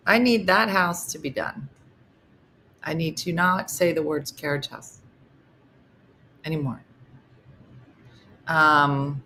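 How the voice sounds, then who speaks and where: Middle-aged woman host, low bright voice, chatty and loose, reads comments aloud. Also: unhurried, long pauses, a little hiss or hum. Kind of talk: casual livestream chat.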